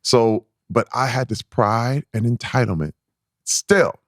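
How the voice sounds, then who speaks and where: A man guest on a podcast, telling a candid personal story in an animated, emphatic way, often restarting and repeating words as he goes. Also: slow pace, no echo, clean studio sound. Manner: animated, acts out his own past voice in a squeaky high pitch.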